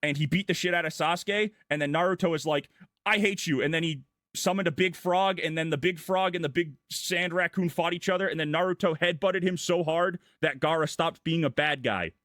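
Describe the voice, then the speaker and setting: Casting note: male vtuber, slightly higher voice, irreverent rambling recap, dry close mic. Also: brisk, a bit bright, no room sound. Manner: goofy, irreverent, breathless run-on storytelling. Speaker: vtuber streamer. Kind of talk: casual rambling plot recap.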